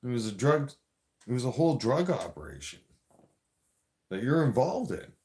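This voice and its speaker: A man's voice: mid-range voice, big pitch swings, normal speed, a little mellow. A man hosting a live stream, ranting at his viewers in a confrontational, rambling way, addressing them directly.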